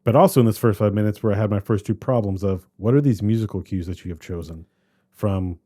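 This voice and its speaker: A man co-hosting a podcast, chatting casually about a movie in a rambling, animated way that keeps trailing off and restarting. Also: fairly low pitch, fast talker. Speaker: podcast co-host. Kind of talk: casual movie review chat.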